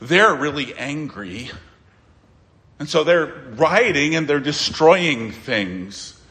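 A man preaching a sermon as pastor, emphatic, with dramatic pauses and sudden quiet asides. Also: a little high, lively intonation, long reverb tail.

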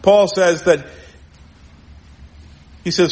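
Emphatic preacher, fairly high male voice. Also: expressive, measured pace. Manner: emphatic preaching with rhetorical questions; swings between raised, urgent lines and low, quiet ones. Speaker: pastor. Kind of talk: sermon.

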